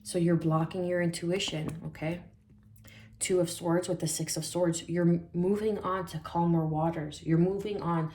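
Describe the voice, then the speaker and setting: A woman giving a spiritual tarot reading in a soft, reflective way, often repeating phrases for emphasis. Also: on the low side, reverberant. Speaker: tarot reader.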